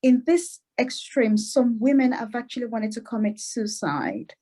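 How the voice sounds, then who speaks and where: Woman guest explaining stuff, a bit higher voice, laughs a lot, acts out quotes. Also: big pitch swings, unhurried, warm tone. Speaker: guest, clinician. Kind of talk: explaining in an interview.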